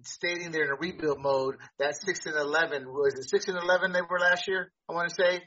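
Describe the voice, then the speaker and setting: A man co-hosting a casual sports podcast. He talks in an animated, emphatic way and often repeats words as he starts a sentence. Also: a little high, brisk, lo-fi sound. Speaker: podcast co-host.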